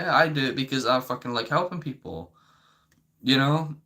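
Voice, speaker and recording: A man's voice: medium pitch, moderate pace, pushed and bright. Profane, rambling young man ranting. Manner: rambling and profane, constant "you know". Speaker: vlogger. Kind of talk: unscripted rant.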